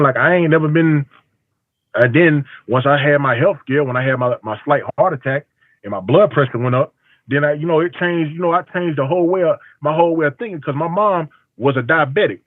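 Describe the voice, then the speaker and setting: A man's voice: fairly high pitch, fast talker, no echo. A barber telling stories on a call, quoting his own conversations, with an emphatic delivery. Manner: storytelling with quoted dialogue, emphatic. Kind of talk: call-in testimony. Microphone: phone call. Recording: tinny phone line, dry.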